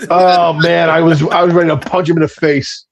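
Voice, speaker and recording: A man's voice: on the high side, flat delivery, vocal fry, very noisy. A man with a Delaware County accent chatting casually on a podcast, stumbling through repeated starts. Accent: Delaware County, Pennsylvania. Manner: halting, lots of repeated starts. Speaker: co-host, restaurant owner. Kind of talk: casual sports podcast chat.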